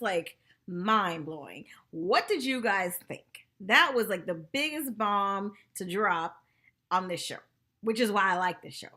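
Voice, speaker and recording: A woman casually reviewing a reality TV episode, chatty and excitable, peppering her talk with "like" and "y'all". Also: mid-range voice. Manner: animated, chatty, says "y'all" and "like" often. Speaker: TV recap vlogger.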